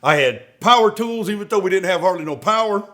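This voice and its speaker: Animated, profane man telling war stories. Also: sits high, brisk. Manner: animated, profane, acts out dialogue in raised voice. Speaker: podcast co-host, Marine veteran. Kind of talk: casual storytelling chat.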